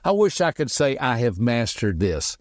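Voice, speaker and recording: A middle-aged man hosting a motivational podcast, talking quickly and emphatically in a folksy way, with personal stories. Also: mid-range voice, sing-song, no echo, clean studio sound. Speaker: podcast host and personality teacher.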